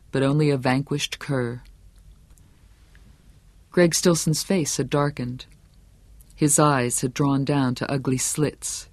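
A man narrating an audiobook in a steady, measured storytelling manner. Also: a little high, no echo. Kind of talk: scripted narration.

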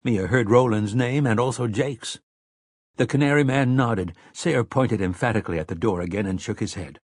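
A man narrating an audiobook in a measured, even manner on a close mic. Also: mid-range voice, no room sound. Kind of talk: scripted narration.

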